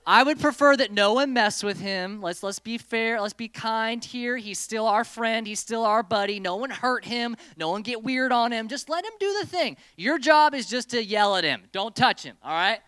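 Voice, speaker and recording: A youth group leader running a playful hands-on lesson, directing volunteers around a room. The voice is bright and clear and swings widely in pitch. The sound is close and dry, with little room echo. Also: normal speed, few pauses. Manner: playful, animated, giving stage directions to volunteers. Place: indoor meeting room with a group.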